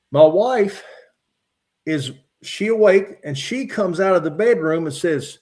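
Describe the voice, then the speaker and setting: A middle-aged man from Virginia, a podcast guest calmly recounting his own encounters from his notes with frequent "uh" fillers. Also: sits high. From West Virginia. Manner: measured, matter-of-fact retelling with frequent "uh" fillers. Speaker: podcast guest, former state trooper.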